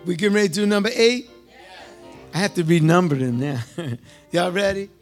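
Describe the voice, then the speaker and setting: High-voiced, gravelly preacher. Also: male voice, lively intonation, moderate pace, faint music behind. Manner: call-and-response, repetitive, swings from loud to hushed. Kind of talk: sermon.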